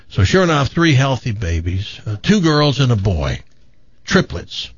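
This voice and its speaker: Male radio host, animated storyteller, dry, slightly dull sound. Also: medium pitch, measured pace, slightly rough, dry recording. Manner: rambling storyteller with fillers and restarts. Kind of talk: telling a joke on air.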